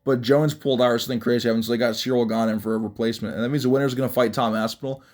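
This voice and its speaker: A man's voice: medium pitch, fairly even intonation, rapid-fire, a little mellow. A young man giving blunt, rambling, mocking commentary on fights, with frequent restarts. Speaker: MMA commentary vlogger. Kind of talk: casual ranting commentary.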